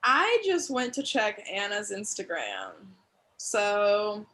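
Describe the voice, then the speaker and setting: Casual woman podcast co-host, bright and lively delivery, chatty, acts out quotes. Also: mid-range voice, slow. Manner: chatty, quotes people in put-on voices. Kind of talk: casual recap chat.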